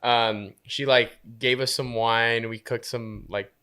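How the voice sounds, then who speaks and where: A man, a guest on a podcast, telling part of a shared story in a relaxed, casual chat. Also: mid-range voice, takes it slowly, crowd noise. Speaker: podcast guest, community co-founder.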